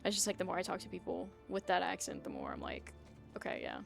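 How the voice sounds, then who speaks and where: A woman's voice: on the low side, wildly swooping pitch, quick pace, creaky, over music. A young woman streaming a video game, chatting with her viewers in a rambling, casual way and often losing her train of thought. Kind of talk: casual live-stream chat while gaming.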